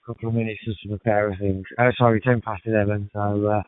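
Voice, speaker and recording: A man with a Birmingham accent chatting relaxed on a ham radio net, with many fillers. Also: on the low side, quick pace. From England. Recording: tinny radio transmission, dry.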